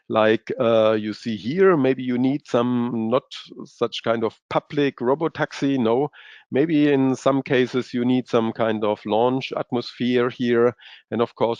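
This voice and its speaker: Halting man, dull lo-fi webinar audio. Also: mid-range voice, a little mellow, dry recording. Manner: halting, with frequent fillers and non-native English phrasing. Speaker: guest expert presenting in a webinar. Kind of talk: webinar presentation. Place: based in Europe.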